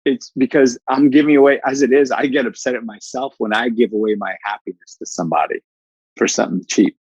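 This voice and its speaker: A man, a life coach and podcast guest, telling stories in a blunt, animated way and swearing casually. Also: medium pitch, a little fast, breathy edge, no echo, highs cut off. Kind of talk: casual interview storytelling.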